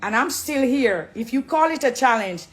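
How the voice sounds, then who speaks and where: A woman's voice: high voice, lively intonation, normal speed. Jamaican woman preaching into her phone. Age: middle-aged. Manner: warm, preachy, switching into patois. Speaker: dancehall artist turned Christian. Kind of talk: direct address live video.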